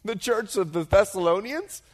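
A middle-aged male pastor preaching a sermon as an animated storyteller, dropping to a hush and then rising to loud, excited bursts. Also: high voice, normal speed. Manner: animated storyteller, swings from hushed to shouting.

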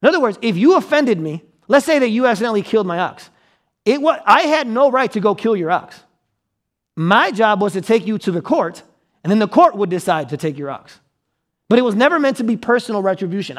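A man preaching a sermon as pastor, conversational and checking in with his listeners, acting out quotes with sudden loud outbursts. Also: high-pitched.

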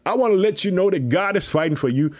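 A man with a fairly high voice preaches through a Bible passage on his podcast. He talks with energy and keeps circling back to catchphrases, all fired up. His delivery is animated and preachy, aimed at his listeners. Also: fast. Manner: energetic, preachy, repeats "let me tell you something". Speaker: podcast host.

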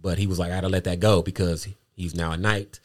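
A man chatting casually on a podcast in a relaxed, slangy way. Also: sits low, fast. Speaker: podcast co-host. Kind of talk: casual chat.

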